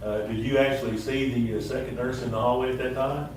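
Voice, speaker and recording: A man questioning a witness in court, asking brisk, direct questions. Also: mid-range voice, steady tone. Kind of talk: courtroom examination. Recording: distant, very echoey, noisy courtroom mic.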